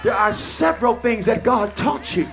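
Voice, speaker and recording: A man preaching a sermon, swinging from low, intimate remarks into shouted, sing-song refrains that repeat phrase after phrase and call on the congregation to answer. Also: expressive, moderate pace, gravelly, soft background music, a faint crowd. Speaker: pastor. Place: church service.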